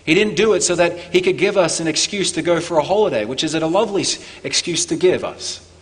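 A man preaching a Christmas sermon as pastor, earnest, climbing for emphasis and falling low and quiet on key points. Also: animated, quick pace, long reverb tail. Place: church.

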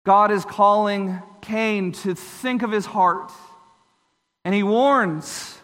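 A man delivers a sermon in a high, bright voice. He speaks slowly and earnestly, explaining each point step by step. The sound carries a long hall reverb. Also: fairly even intonation. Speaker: preacher.

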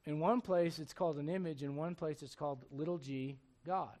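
A man preaches with lively, chatty storytelling, acting out the characters' lines and tossing questions to his congregation. His voice sits quite high for a man. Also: moderate pace. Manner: animated storytelling, acts out characters, asks the crowd questions. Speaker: pastor. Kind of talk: sermon.

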